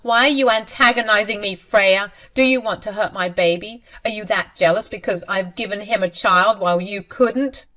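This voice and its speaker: Brief: woman voicing a manipulative young mistress in a story reading, pitched up, shrill and accusing. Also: normal speed, hardly any pauses, pushed and bright, natural voice. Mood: indignant.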